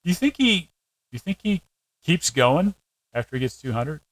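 A man co-hosting a sports podcast in casual chat, making wry deadpan quips and breaking down plays in detail. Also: fairly high pitch, moderate pace, no echo, low-quality recording. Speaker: podcast co-host.

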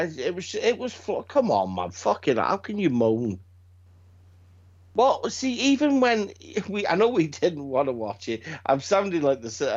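A middle-aged man, chatting casually as a podcast co-host and telling stories in an animated, sweary way. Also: medium pitch. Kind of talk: casual chat. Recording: dull lo-fi sound.

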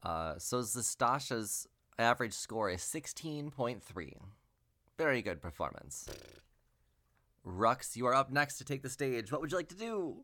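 Lively game master; swoops in pitch, keeps the scene moving. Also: unhurried. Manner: lively, laughing. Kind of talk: running a tabletop game.

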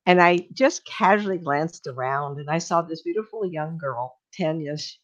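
An older woman, a medium, telling stories in a casual, animated way on a talk show, acting out the voices she quotes and laughing often. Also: low-pitched, moderate pace. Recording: dull lo-fi sound.

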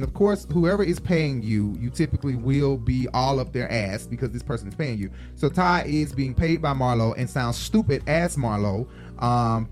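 A man hosting a casual reality-show recap, talking in a rambling way with many fillers. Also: medium pitch. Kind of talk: casual chat.

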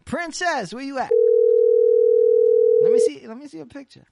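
An internet radio host rattling off quick, slangy shout-outs in casual, hyped chatter. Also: sits high, lively intonation, creaky, slight background noise. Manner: rapid repeated shout-outs, loose slangy banter.

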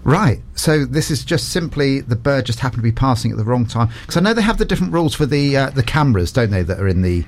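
A man hosting a local radio interview, reading out listener questions and asking quick, chatty follow-ups. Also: mid-range voice, sing-song.

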